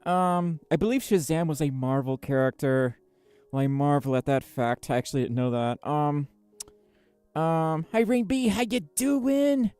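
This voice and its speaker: A woman's voice: rumbling low, moderate pace, warm tone, clear, resonant tone, soft background music. A woman chatting casually on a livestream, bubbly and giggly, reading chat messages aloud with lots of fillers. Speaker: streamer.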